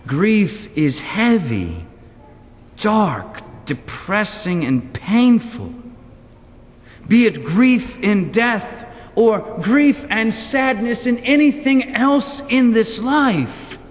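A man preaches from the pulpit, his fairly high voice swinging widely in pitch as he drives home his rhetorical questions. His slow, deliberate delivery carries a long reverb from the church sanctuary. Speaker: pastor. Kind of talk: sermon.

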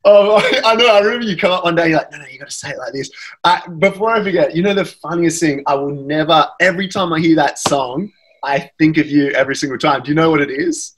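A man's voice: a little high, fast, a bit bright, slight background noise, rough recording. An Australian man, a guest actor, chatting casually in a rambling, self-deprecating way. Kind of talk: casual chat.

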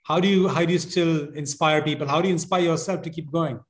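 A man's voice: a little high, fast. A man hosting a live online talk over a video call, politely thanking his guest and reading out audience questions. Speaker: host.

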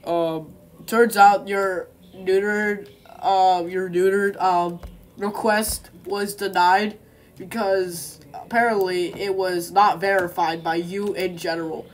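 A woman in a comic improvised role-play chat, talking in a frantic way, yelling and laughing. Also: mid-range voice, fairly even intonation, slow, slight background noise.

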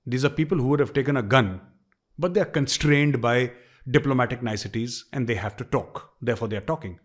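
A man's voice: mid-range voice, brisk. A middle-aged man with an Indian accent, giving emphatic opinion commentary and repeating phrases for stress.

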